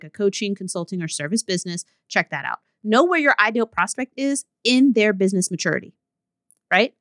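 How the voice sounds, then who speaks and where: A woman's voice: medium pitch, a bit bright, no echo, studio quality. A woman business coach hosting her own solo podcast, talking bluntly and candidly with laughing asides.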